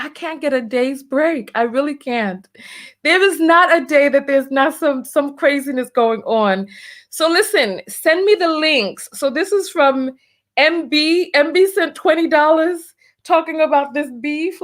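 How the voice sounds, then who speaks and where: High-voiced woman laughing through a livestream. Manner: laughs often, exclaims "oh my Lord" and "have mercy". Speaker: livestream host. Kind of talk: casual livestream chat reading donations.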